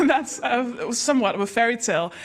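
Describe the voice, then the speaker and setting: Bright-voiced woman hosting a comedy night. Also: on the high side, normal speed. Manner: self-deprecating deadpan storytelling. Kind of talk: stand-up comedy. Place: comedy stage before a live audience.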